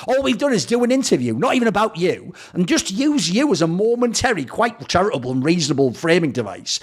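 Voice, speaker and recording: A man's voice: high voice, very animated, normal speed, hardly any pauses. A man hosting a show, ranting in a sarcastic, profane, mocking commentary. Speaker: esports commentator and show host.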